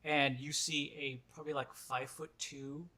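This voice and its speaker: A man's voice: on the high side, little pitch movement, normal speed, a crowd in the background. A man narrating as game master of a tabletop role-playing game, rambling with lots of "like" and "kinda".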